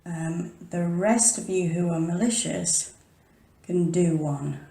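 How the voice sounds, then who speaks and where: A woman's voice: lowish voice, slow, vocal fry, mellow. A woman rambling chattily to her camera at home, often dropping to a whisper and interrupting herself. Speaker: paranormal vlogger. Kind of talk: casual chat, rambling and chatty. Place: home room, early morning. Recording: echoey room.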